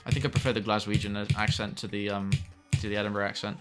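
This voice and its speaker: A man's voice: fairly low pitch, little pitch movement, quick pace, fairly bright tone, faint music behind. A young man chatting casually with viewers while streaming a game, swearing now and then at the game. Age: young adult. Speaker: streamer reading chat.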